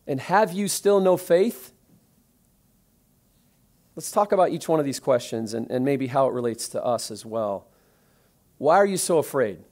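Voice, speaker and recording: A man delivering a sermon as a pastor, telling stories in a conversational way and growing more animated as he tells them. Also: mid-range voice.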